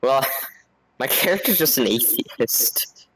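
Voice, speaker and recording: A man's voice: mid-range voice, lively intonation, slow pace, fairly bright tone, low-quality recording. A man chatting casually as a player in a tabletop game, laid-back and explaining step by step.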